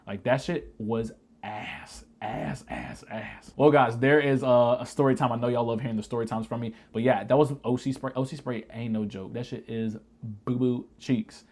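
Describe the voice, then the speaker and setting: A man in a casual storytime vlog, retelling an army-style ordeal with heavy swearing and animated, shouted asides. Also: mid-range voice. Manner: profane, animated retelling that shouts quoted lines. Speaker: vlogger telling a military story.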